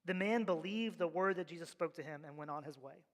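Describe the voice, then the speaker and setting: A man's voice: fairly high pitch, fairly quick. A male pastor preaching a sermon, with emphatic, rhythmic repeated refrains, in a church sanctuary. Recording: long reverb of a large hall.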